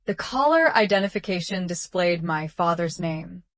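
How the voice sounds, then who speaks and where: A woman narrating a first-person drama story in a calm, measured, even way. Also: lowish voice.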